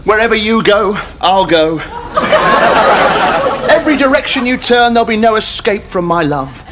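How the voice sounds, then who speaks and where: A man's voice: high-pitched, expressive, moderate pace, over a noisy crowd. A man playing a clingy newlywed husband who gives a sweet, smothering romantic speech. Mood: doting. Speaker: sketch actor. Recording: studio audience laughter, noisy.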